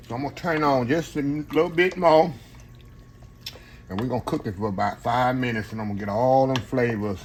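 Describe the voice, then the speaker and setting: An older cooking channel host speaks in a mid-range voice, with a little hiss or hum in the recording. He cooks in his kitchen while chatting casually and folksily, calling his viewers y'all.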